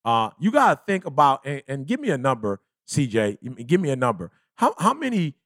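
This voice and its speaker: A man's voice: mid-range voice, wildly swooping pitch, a little fast, a bit bright, dry recording, clean studio sound. A man hosting a casual podcast as a life coach, talking emphatically and preachily, repeating himself and calling his friends "bruh".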